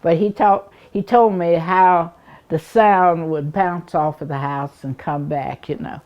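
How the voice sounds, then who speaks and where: Older woman, Appalachian accent, unhurried and rambling, lowish voice, chuckles as she reminisces. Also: fairly even intonation, dull audio. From Appalachia, East Tennessee. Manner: rambling, chuckling, acts out the people she recalls. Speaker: oral history interviewee. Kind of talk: reminiscing storytelling.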